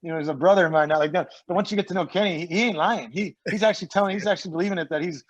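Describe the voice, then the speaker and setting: A man with a slightly high voice tells rambling stories as a podcast guest. He swears freely and acts out other people's lines as he goes. The recording sounds dull and lo-fi. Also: racing. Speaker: guest, former pro hockey player. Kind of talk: casual podcast storytelling.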